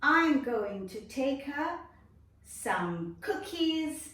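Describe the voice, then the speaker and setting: A woman's voice: sing-song, drawn-out words, very echoey, far from the mic, full character voice. A woman voicing a sweet little girl in a red hood. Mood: cheerful. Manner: high, bright and singsong.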